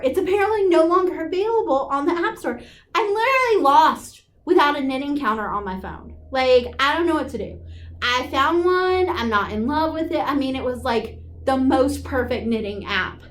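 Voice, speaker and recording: Chatty high-voiced woman. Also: fairly bright tone. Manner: chatty, self-deprecating, lots of fillers. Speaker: podcast co-host. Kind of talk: casual chat.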